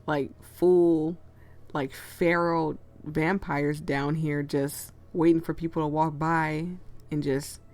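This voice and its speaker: A woman's voice: low voice, flat delivery, takes it slowly, darkish tone. A woman playing a story game, chatting in rambling, giggly tangents while losing her voice. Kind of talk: casual commentary and reading aloud.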